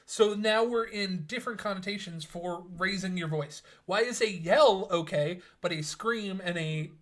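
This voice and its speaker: A man's voice: sits high, normal speed, a bit bright. A man co-hosting a casual podcast chat, probing the others with question after question. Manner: probing, keeps pressing questions. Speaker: podcast co-host.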